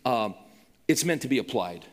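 A man's voice: mid-range voice, lively intonation, moderate pace, long reverb tail. A male pastor preaching and telling a story in an emphatic, conversational way. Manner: emphatic, conversational, with frequent restarts. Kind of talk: sermon storytelling.

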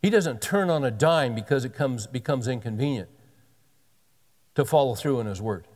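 Speaking at normal speed in an expressive, mid-range voice with a darkish tone, a man in his sixties preaches. This pastor reads scripture aloud and breaks in with homey jokes, his voice ringing with long hall reverb.

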